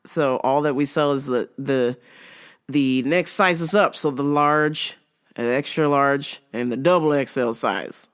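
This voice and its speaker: A woman's voice: a bass voice, unhurried, clean tone. A woman telling blunt, profane work stories on her show, laughing often. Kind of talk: casual storytelling rant.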